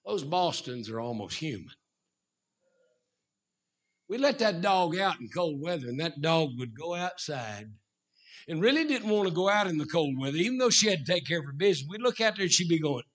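A middle-aged man preaching a sermon as a Baptist preacher, swinging from shouted emphasis to low asides. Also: big pitch swings, fairly quick.

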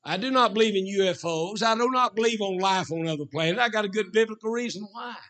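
A middle-aged man preaching a sermon as a Baptist preacher, swinging from shouted emphasis to low asides. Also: quick pace.

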